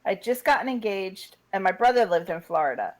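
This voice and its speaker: A woman in her forties co-hosting a radio talk show, telling a story in brisk, casual chat. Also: mid-range voice, animated, low-quality recording. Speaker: radio co-host.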